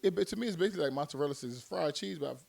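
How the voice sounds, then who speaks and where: A man's voice: fairly high pitch, expressive, racing, creaky, a little mellow. A man, a former football player, telling long rambling stories in casual chat, laughing often between his points. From Miami, United States. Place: recording studio.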